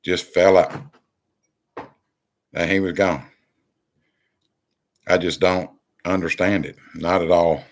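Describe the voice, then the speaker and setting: Deep-voiced man, rambling. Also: fairly even intonation, takes it slowly, long pauses. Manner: rambling, many ums and restarts, exasperated. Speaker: channel host. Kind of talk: political commentary monologue.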